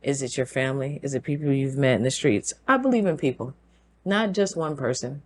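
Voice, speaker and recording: A woman's voice: very deep voice, a little fast. Lady host ranting solo, punchy rhetorical questions, bits of laughter. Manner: emphatic, fires rhetorical questions. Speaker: show host. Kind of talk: opinion monologue.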